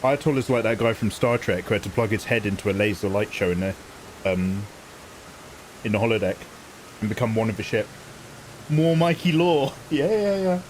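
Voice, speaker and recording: A man's voice: fairly low pitch, expressive, moderate pace, long pauses, darkish tone, slight background noise, rough recording. A man chatting casually with viewers during a live game stream, playful and joking with a lot of laughter. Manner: playful, jokey, laughing often, hamming up mangled French. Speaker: game livestreamer.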